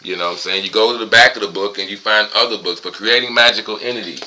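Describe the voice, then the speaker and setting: A man's voice: lowish voice, fast, pushed and bright, slight background noise, low-quality recording. A buzzed man rambling and ranting profanely at home in a casual vlog monologue. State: tipsy and high. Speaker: vlogger.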